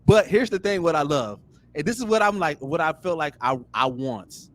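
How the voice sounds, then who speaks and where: A young man in casual podcast chat, animated and full of fillers, often circling back with "here's the thing.". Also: fairly high pitch, fairly quick, faint music behind. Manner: animated, repeats "here's the thing" and "you know what I'm saying". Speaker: podcast guest.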